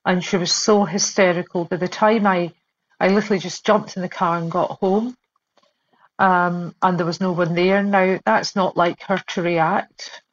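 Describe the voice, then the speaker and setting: A woman giving an earnest, measured account of a frightening personal experience in an interview. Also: lowish voice, fairly even intonation. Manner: earnest, measured, emotional storytelling. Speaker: interviewee recounting being stalked. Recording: dull lo-fi sound.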